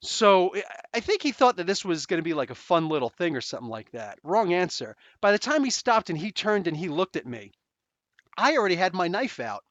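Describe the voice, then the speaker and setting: A man's voice: high-pitched, a little fast, dry recording, dull audio. A man in his forties, host of a podcast, telling a story casually, swearing and acting out what people said. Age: 40s. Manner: animated, swearing, acts out quotes. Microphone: close desk microphone.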